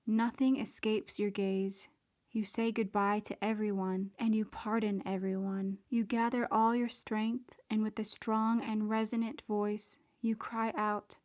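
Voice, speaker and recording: A woman's voice: medium pitch, level tone, a little slow, darkish tone. A woman reading a devotional prayer text in an earnest, prayerful way. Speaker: devotional reader.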